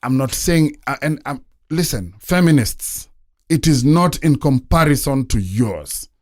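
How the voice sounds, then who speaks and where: A man's voice: mid-range voice, expressive, a little slow, dry recording. A man hosting a podcast studio conversation, earnest and reflective, with stammered restarts and bursts of playful teasing. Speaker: podcast host. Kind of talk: casual conversation.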